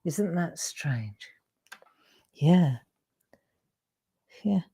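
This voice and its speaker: Her voice is low-pitched, creaky and mellow with a breathy edge, animated yet extremely slow. A middle-aged woman, she hosts a live drawing demonstration as a craft demonstrator, chatting casually in a rambling, self-interrupting manner.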